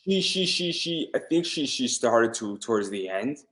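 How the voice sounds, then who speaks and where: A man with a medium-pitched, slightly bright voice hosts a podcast interview, his delivery sing-song and at normal speed. He's enthusiastic in the casual chat, though he stammers and repeats words.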